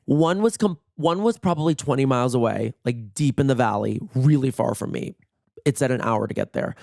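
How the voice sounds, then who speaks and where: A man with a hoarse, worn-out voice tells stories in a chatty, gossipy way. He swears often and acts out what everyone said. The sound is dry and close, with almost no room echo. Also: medium pitch, a little mellow. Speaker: podcast host. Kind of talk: casual solo storytelling. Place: in bed at home.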